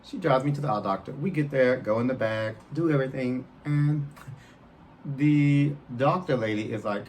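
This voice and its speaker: A man's voice: mid-range voice, normal speed, slight background noise. A man, telling a personal story on his podcast and talking straight to his listeners. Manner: animated, addresses listeners directly, acts out quotes. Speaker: podcast host.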